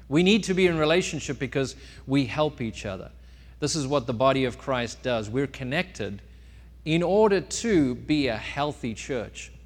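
A male pastor delivers a sermon in a mid-range voice, swinging between loud, emphatic lines and quieter ones as he tells a story. His voice rings out with the long reverb of a church hall. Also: mid-range voice. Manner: storytelling, lively rises and drops in loudness.

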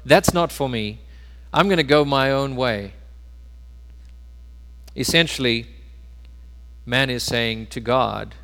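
A pastor preaching a sermon, swinging between loud emphasis and quiet, low asides. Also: male voice, slow pace, long pauses. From South Africa. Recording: long hall reverb.

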